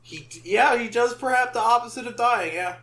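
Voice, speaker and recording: A man's voice: very high voice, brisk, fairly bright tone. A man chatting on a podcast, ranting in an exasperated way and swearing freely. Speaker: podcast co-host. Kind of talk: casual podcast chat.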